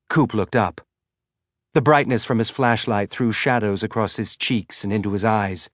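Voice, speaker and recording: A man reading a story aloud in a measured, even narration. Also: lowish voice, dry recording, studio quality. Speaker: audiobook narrator. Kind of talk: scripted narration.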